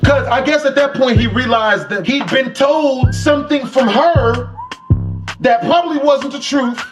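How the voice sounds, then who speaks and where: Male storyteller, very high voice, slangy and emotional, over a clear music bed. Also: unhurried. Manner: slangy, emotional, animated retelling. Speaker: storytime narrator. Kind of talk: casual personal storytelling. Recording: background music under voice.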